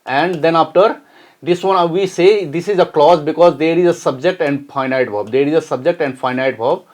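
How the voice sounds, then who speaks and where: A man with a fairly high voice gives an exam-prep grammar lesson. He explains each point step by step, repeating phrases and asking "okay?" to check in. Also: normal speed. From Nepal. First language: Nepali. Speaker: English teacher.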